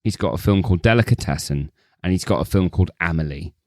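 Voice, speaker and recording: Male podcast co-host, lower register, loose sweary banter, dead-dry studio sound. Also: quick pace, a little mellow, dry recording. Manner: swearing, laughing, acts out quoted voices. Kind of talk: casual film podcast chat.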